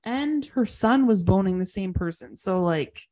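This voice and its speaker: A woman's voice: medium pitch, animated, unhurried, warm tone. A woman co-hosting a podcast, chatting casually and laughing as she recaps a TV episode. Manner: chatty, laughs often, quotes characters. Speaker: podcast co-host.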